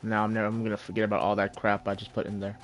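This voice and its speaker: A man's voice: on the low side, monotone, rapid-fire. A man streaming a video game, chatting casually with friends and rambling through fillers. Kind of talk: casual gaming chat.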